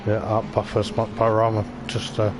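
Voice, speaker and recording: On the low side and completely flat, this man's voice moves at a moderate pace as he gives chatty, meandering commentary live from an online racing league event. The game's race car engines are clearly heard behind him.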